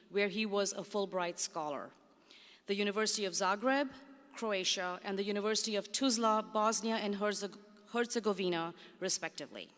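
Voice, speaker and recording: A woman on the faculty reading a formal introduction of a guest speaker from a prepared biography. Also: medium pitch. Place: large indoor coliseum. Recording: long reverb of a large arena.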